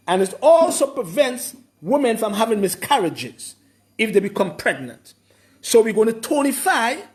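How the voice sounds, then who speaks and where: A man giving an informal lecture, explaining slowly and repeating his points with emphasis. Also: high-pitched. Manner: slow, repetitive, emphatic explaining. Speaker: herbalist explaining a program.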